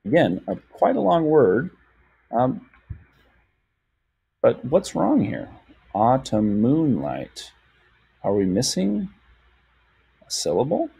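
A young man teaching a lesson over a shared screen, patient and full of fillers, slowing down to sound out words. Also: a little high, huge pitch swings, vocal fry, warm tone, slightly rough.

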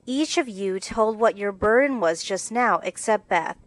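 A woman voicing a cheery gentle mother. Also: mid-range voice, expressive, a little slow, dry recording, lightly acted, poor audio. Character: warm, cheery mother of four girls.

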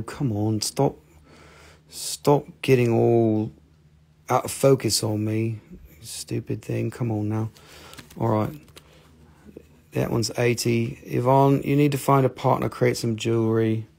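A man's voice: mid-range voice, gravelly, a little mellow. A man hosting a live mineral sale in a folksy, rambling, self-joking way. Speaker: host of a live mineral sales show. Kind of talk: casual live selling chat.

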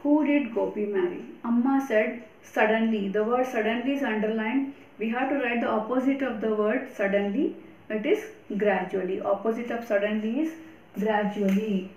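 A woman with a slightly high voice works through grammar exercises as a teacher, spelling out and repeating each answer with careful emphasis. The recording has a roomy echo around her. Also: darkish tone. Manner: slow, deliberate explanations with repetition. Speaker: English teacher. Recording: echoey room.

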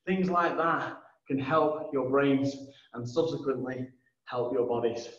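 A male martial arts instructor leading an energetic kids' class, calling out commands and cheering the children on. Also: medium pitch, unhurried. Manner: upbeat, calls out commands loudly. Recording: echoey room, far from mic, dull sound.

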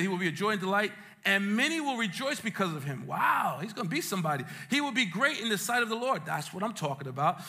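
High, bright-voiced joking pastor. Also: male voice. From Brooklyn, New York. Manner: lively, joking, streetwise asides. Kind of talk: sermon. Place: church sanctuary.

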